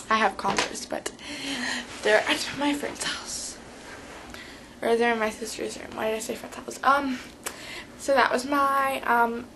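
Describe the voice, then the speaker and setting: A woman's voice: fairly high pitch, a bit bright, a little hiss or hum, rough recording. A teenage girl giving a rambling, chatty vlog tutorial, full of fillers. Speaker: vlogger.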